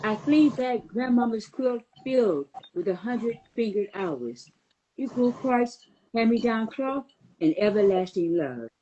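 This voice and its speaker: A woman guest reading her own poem aloud in a slow, measured way. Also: on the high side, expressive, dark tone, dull audio, slight background noise. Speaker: guest poet. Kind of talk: poetry reading.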